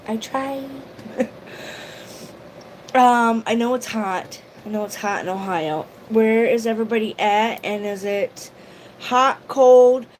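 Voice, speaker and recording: A woman talks through a casual livestream in an emotional, rambling way, stopping to greet viewers by name. Her voice sits at an ordinary middle pitch. A faint hiss runs under the recording. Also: normal speed, few pauses, low-quality recording. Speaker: YouTube vlogger.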